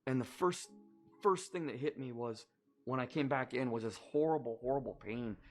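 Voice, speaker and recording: A man recounts a deeply personal experience in an earnest, measured testimony. His voice sits at an ordinary middle pitch, and he often pauses to find the right words. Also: soft background music. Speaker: storyteller recounting a personal near-death experience.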